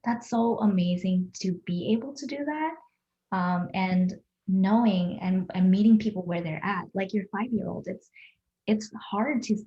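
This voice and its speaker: A woman's voice: mid-range voice, measured pace, mellow, lo-fi sound. A woman in a podcast conversation who speaks thoughtfully and reflectively and affirms what the other speaker says.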